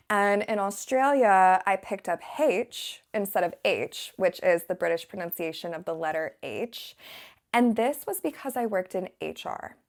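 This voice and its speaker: American woman with a gravelly, fry-edged voice. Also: medium pitch, unhurried. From Southern United States. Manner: relaxed, rambling, laughs often. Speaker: English teacher. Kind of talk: casual chatty talk to camera.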